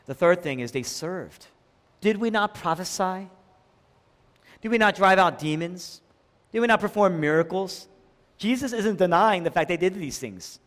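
A man preaching a sermon, dramatic, swinging between loud emphatic lines and hushed low ones. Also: animated, moderate pace, pauses often. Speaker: pastor. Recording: long hall reverb.

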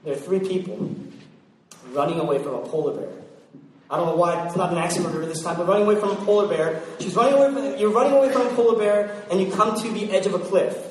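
A man's voice: sits high, fast, slight background noise. A man preaching a sermon, telling stories animatedly and acting out voices, heard from a distance in a large church hall. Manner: animated storytelling with acted-out voices. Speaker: pastor. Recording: echoey hall from far off.

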